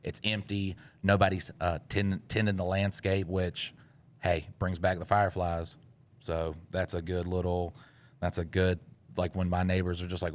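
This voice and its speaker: A man's voice: sits low, monotone, moderate pace. A man hosting a podcast, rambling in casual chat and laughing often. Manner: laid-back, rambling with frequent laughs. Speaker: podcast host.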